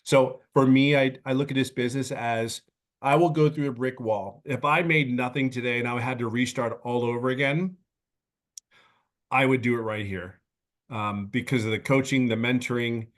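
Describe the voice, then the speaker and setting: With a steady, mid-range voice, a man in his fifties speaks earnestly on a webinar video call, giving a heartfelt personal testimonial in halting sentences that he often restarts.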